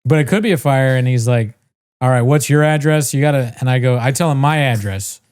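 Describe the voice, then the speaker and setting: A man's voice: medium pitch, a little fast, a little mellow, clean tone. A man co-hosting a podcast, casually telling a long story, swearing freely and mimicking the people in it. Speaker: podcast co-host.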